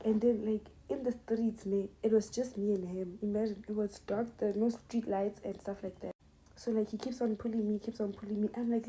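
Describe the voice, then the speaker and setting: Dark-voiced South African young woman. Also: medium pitch, slight background noise, poor audio. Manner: animated, mixing English with Zulu and Sotho phrases. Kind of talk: casual storytime.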